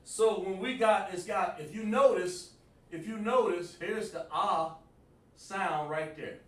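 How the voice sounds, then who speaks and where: Male teacher at a whiteboard, slightly high voice, echoey room, off-mic, coaxes students, sounds out syllables. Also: slow, fairly bright tone, distant mic. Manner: interactive, calls on students by name and sounds out syllables. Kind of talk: live online class lecture.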